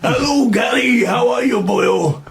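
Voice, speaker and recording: A whooping Welsh crooner. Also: male voice, very high voice, unhurried, gravelly, exaggerated voice. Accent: put-on Welsh. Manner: shouting, whooping, hammy. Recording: clip with loud background noise.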